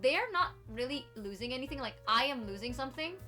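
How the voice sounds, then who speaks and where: A woman VTuber in casual chat, giggly and animated, doing impressions of others. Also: high voice, quick pace, soft background music. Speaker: VTuber streamer.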